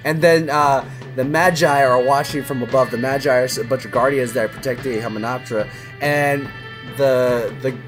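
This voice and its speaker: A young man casually recapping a film on a podcast, animated and laughing as he tells the story. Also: medium pitch, moderate pace, music in the background.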